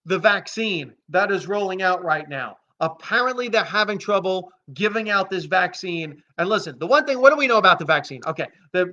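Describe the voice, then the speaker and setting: A man hosting his own video show, giving an animated, emphatic opinion monologue. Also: high voice. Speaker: video host. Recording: dull lo-fi sound.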